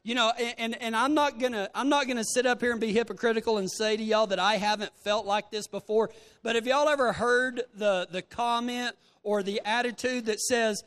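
A man preaching a sermon to a congregation, telling folksy stories in an animated way. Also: very high voice, fairly quick, clean tone. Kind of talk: sermon with storytelling. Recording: long reverb of a large hall.

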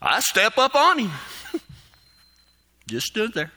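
Folksy preacher man with a sharp voice. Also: high-pitched, wildly swooping pitch, takes it slowly. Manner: folksy, chuckling often as he tells a story. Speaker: pastor. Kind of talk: storytelling sermon.

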